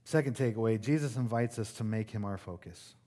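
A man's voice: lowish voice, brisk, mellow. A male pastor preaching a sermon in a conversational, emphatic way, with asides to the congregation.

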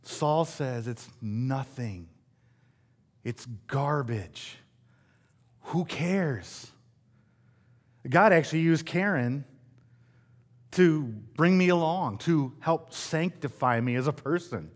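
A man's voice: fairly high pitch, animated, slow pace, pauses often. A middle-aged man from West Michigan preaching a sermon in a conversational, self-deprecating way, asking the congregation rhetorical questions. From West Michigan, USA. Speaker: pastor.

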